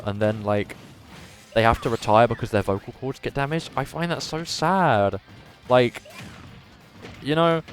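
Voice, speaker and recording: A man commentating a live video game tournament and chatting with viewers in a lively commentator voice that he says is a little strained today. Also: medium pitch. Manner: animated commentator voice, says his voice is going. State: slightly strained voice.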